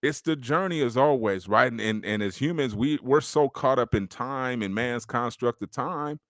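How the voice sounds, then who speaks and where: A man's voice: mid-range voice, normal speed, a bit bright, no room sound, studio quality. A man hosting a podcast, giving a casual, streetwise motivational talk about faith. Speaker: podcast host.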